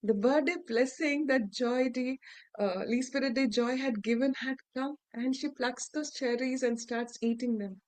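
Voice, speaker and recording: A woman with an Indian English accent telling a fairy tale aloud to adults, acting out the characters' lines with lively shifts in pitch and loudness. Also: unhurried, no room sound, rough recording. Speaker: storyteller. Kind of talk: oral fairy-tale storytelling.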